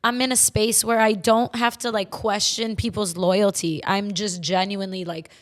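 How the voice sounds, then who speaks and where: A woman's voice: mid-range voice, little pitch movement, moderate pace. Heartfelt woman chatting on a podcast. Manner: heartfelt, tearful at times, many "like" fillers. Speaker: podcast co-host. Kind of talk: casual chat.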